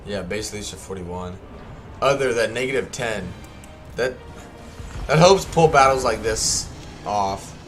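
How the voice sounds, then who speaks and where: A man's voice: fairly low pitch, lively intonation, unhurried, long pauses, a bit bright, faint music behind. A young man streaming a strategy game, chatting casually and rambling, with many fillers and self-corrections. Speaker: gaming streamer. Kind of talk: casual livestream commentary.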